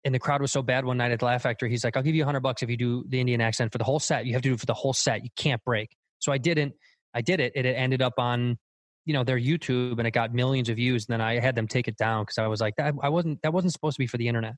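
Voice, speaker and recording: Fast-talking male comedian guest. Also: mid-range voice, steady tone, dry recording, clean studio sound. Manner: fast, rambling, frank. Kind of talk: casual podcast chat.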